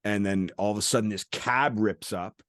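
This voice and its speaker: A man's voice: lowish voice, moderate pace, dry recording, clean studio sound. A man, a podcast host, telling a road-trip story in casual chat, swearing freely and acting out the people he met. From Canada. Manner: animated storytelling, acts out quoted people, swears a lot.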